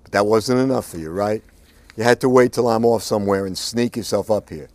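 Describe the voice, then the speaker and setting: A man voicing a cold, calm outlaw who speaks quietly and with contempt in an audiobook. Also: on the low side, fairly quick, dry recording, close to an everyday voice. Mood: contemptuous. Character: cold, menacing adult male outlaw. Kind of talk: audiobook narration.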